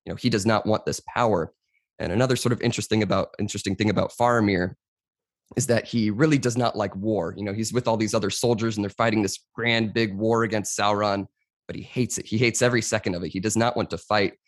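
A man's voice: lowish voice, steady tone, fast talker, no echo, studio quality. A young man speaking as a podcast guest, explaining at length in a casual conversation and often saying "you know".

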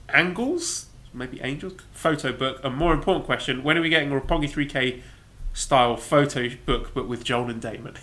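A man co-hosting a wrestling podcast, reading listener questions and answering in a dry, measured, teasing way. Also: on the high side, bright, forceful tone, a little hiss or hum. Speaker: podcast co-host.

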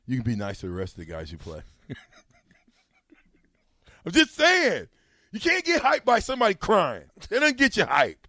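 A man hosting a sports talk show, mocking a clip with laughter and loud asides. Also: high voice, no echo, studio quality.

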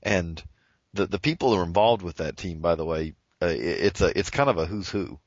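A man's voice: sits low, fairly quick, no echo. A man who writes for the show, chatting on a podcast and running through lists of names and rankings. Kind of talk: casual podcast chat. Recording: dull lo-fi audio.

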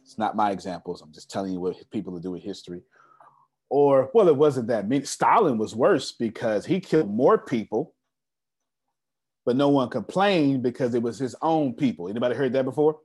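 A man's voice: medium pitch, animated, moderate pace, darkish tone, husky. Guy running a money seminar, voice swings way up and down, keeps asking the room if they get it. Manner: emphatic, repetitive, asks the audience rhetorical questions. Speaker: business coach. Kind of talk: live seminar talk.

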